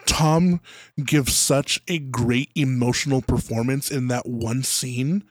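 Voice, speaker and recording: A man's voice: mid-range voice, fairly even intonation, slow, no echo. A man co-hosting a podcast, chatting casually about a movie into his own microphone, rambling and heavy on fillers. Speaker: podcast co-host. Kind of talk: casual movie recap chat. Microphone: own microphone close by.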